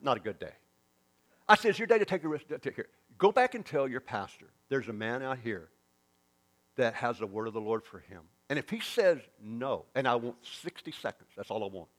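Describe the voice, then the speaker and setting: A man's voice: medium pitch, fairly quick. A man with a Southern US accent, a preacher telling a story in a sermon and acting out the dialogue. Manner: animated storyteller, acts out quoted dialogue.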